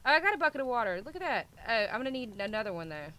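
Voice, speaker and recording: Bright-voiced playful young woman gamer. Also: a little high, big pitch swings, very fast. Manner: playful, scolds pets, self-mocking. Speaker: gaming video host. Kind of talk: casual chat while playing.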